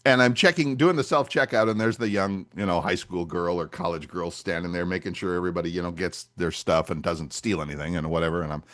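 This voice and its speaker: A man's voice: deep voice, quick pace, few pauses. An older man co-hosting a podcast, chatting casually and acting out little scenes as he tells stories. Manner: animated storyteller, acts out dialogue. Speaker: podcast co-host. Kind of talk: casual chat.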